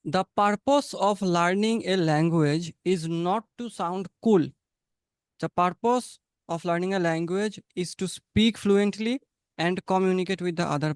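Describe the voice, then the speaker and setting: A man teaches English conversation over a webinar video call. His voice is high and notably clear. The sound is dry and close, and he coaches his students by repeating his points. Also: no echo. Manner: encouraging, repeats phrases, coaching tone.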